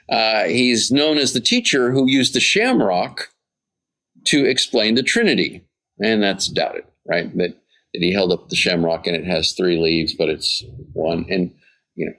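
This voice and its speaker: Low-ish guy preaching casual, reads bits out then explains, lots of "right?" and "okay?". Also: expressive, moderate pace, a bit bright. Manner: informal, checks in with "right?" and "okay?"; reads passages aloud, then comments. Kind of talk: conversational Bible teaching.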